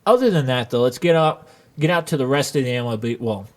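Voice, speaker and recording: A man's voice: medium pitch, expressive, fast. A man co-hosting a casual podcast chat and earnestly explaining his sports predictions. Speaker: podcast co-host.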